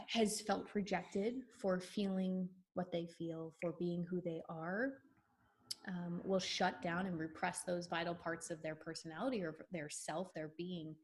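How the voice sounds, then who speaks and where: Brief: American woman, lower-pitched guest voice, reflective and steady, explains at length like a therapist. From United States. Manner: thoughtful, flowing explanations in a therapeutic tone. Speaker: podcast guest. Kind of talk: reflective podcast conversation.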